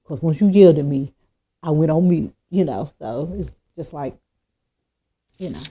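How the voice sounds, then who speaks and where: A woman co-hosting a podcast, talking in a casual, animated way and acting out quoted speech. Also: deep voice, normal speed, husky, lo-fi sound. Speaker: podcast co-host. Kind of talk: casual chat. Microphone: podcast microphone.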